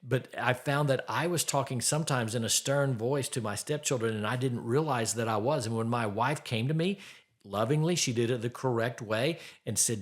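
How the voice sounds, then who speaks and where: A man's voice: mid-range voice, normal speed. A middle-aged man hosting a faith-based podcast, giving earnest relationship advice and asking the listener direct questions.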